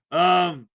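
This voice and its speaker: A man from Canada hosting a casual morning livestream, greeting viewers by name with loud, upbeat enthusiasm and a slightly rough throat. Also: fairly high pitch. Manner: upbeat, greeting chat names with shouted enthusiasm. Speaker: livestream host.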